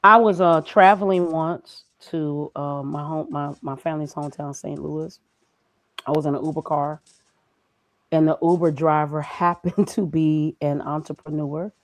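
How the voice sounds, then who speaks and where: A woman's voice: low-pitched, fairly even intonation, unhurried, no room sound, rough recording. A woman speaking as a guest in a conversational interview, emphatic and preachy, firing off rhetorical questions. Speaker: graphic designer and guest.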